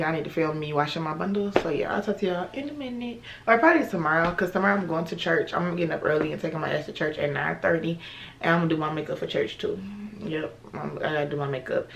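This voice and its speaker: A woman's voice: deep voice, fairly bright tone, a little hiss or hum. A young woman chatting casually and bluntly in a vlog, swearing freely. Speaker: vlogger.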